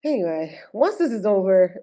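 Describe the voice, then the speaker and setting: A woman's voice: mid-range voice, big pitch swings, moderate pace, warm tone. A woman co-hosting a podcast, chatting casually and playfully about a reality show, often laughing. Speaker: podcast co-host. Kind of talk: casual reality-TV recap chat.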